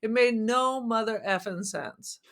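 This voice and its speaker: A woman co-hosting a casual movie podcast, joking with quick asides. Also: on the high side, fairly bright tone. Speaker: podcast co-host.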